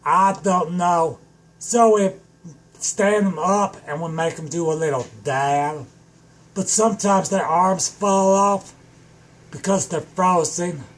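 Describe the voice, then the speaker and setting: A man delivering a manic, rambling improvised comedy rant that keeps bursting into shouts. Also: fairly high pitch. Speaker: comedic vlogger.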